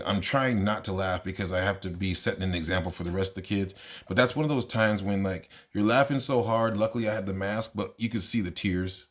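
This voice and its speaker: A man who teaches kindergarten, telling funny stories from his class in a casual, exasperated, animated way and jumping up in pitch when he quotes himself. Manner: animated, exasperated, jumps into high voices when quoting himself. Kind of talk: casual storytelling monologue.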